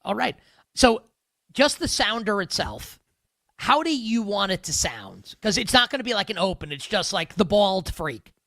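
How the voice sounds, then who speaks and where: A man hosts a live sports betting show in a loose, joking way, often restarting his sentences. His voice is bright and bouncy and swings widely in pitch. The sound is dry and close, with no room echo. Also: sing-song, normal speed, creaky. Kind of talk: casual live show chat.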